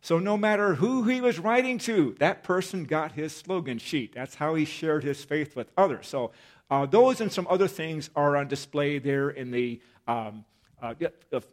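Chatty man with a higher voice, church talk. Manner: folksy, chatty, addresses the congregation directly. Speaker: visiting ministry speaker. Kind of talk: friendly conversational church talk. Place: church service. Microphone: microphone at a lectern.

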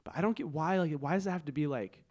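A man's voice: fairly high pitch, fast talker, a little mellow. A young man co-hosting a podcast in casual chat, rambling with lots of fillers. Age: young adult. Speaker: podcast co-host.

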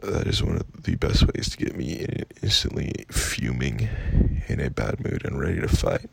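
A young man tells a casual, profane storytime rant with exasperated energy. His voice is low and rough, full of vocal fry with a husky edge. His pitch swings widely as he vents. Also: very animated, moderate pace, very noisy. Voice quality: gravelly, husky. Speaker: vlogger.

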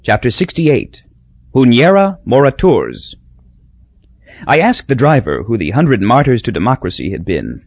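A man reading an audiobook in a wry, measured storytelling voice. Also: mid-range voice, very animated, husky, no room sound, dull audio. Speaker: audiobook narrator. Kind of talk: scripted narration.

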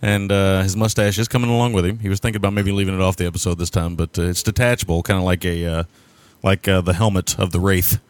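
Co-hosting a casual film podcast from home while his son plays nearby, a man stays laid-back, laughs often, and hesitates with fillers. His voice is low and steady, his pace quick. The tone is clean and there's no echo.

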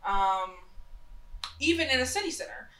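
A woman's voice: high-pitched, lively intonation, moderate pace, pushed and bright, a little hiss or hum. Chatty woman with a nasal voice, roomy sound. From North Carolina. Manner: rambling, chatty, frequent fillers and restarts. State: nasal from a cold. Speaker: podcast co-host. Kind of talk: casual opinionated chat.

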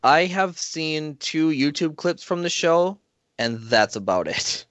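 A man's voice: a little high, very animated, takes it slowly, a bit bright, clear, resonant tone, no echo. A man as a guest in a casual podcast chat, chatty and upbeat, laughing often.

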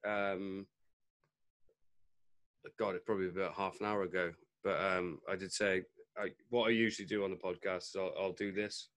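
A man hosting a podcast, chatting in a relaxed, easygoing way. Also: low voice, moderate pace, long pauses. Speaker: podcast host. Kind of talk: casual podcast chat.

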